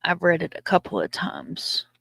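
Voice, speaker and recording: A woman's voice: on the low side, huge pitch swings, moderate pace, vocal fry, bright, forceful tone, slightly rough, no echo, clean studio sound. A middle-aged woman, hosting a casual live stream, reading comments aloud in a chatty, loose and profane way. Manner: chatty, loose and profane, stumbles over words.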